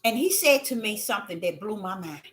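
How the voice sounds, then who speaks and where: A woman hosting a spiritual talk, telling stories in an animated, emphatic way that swings between loud and hushed. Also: mid-range voice, brisk. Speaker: host.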